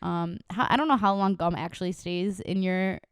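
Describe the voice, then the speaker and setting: A woman's voice: on the low side, normal speed, clear, resonant tone, no room sound, studio quality. A young woman co-hosting a podcast in casual chat, talking freely, swearing and acting out quotes. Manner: chatty, swears, acts out quotes. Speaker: podcast co-host.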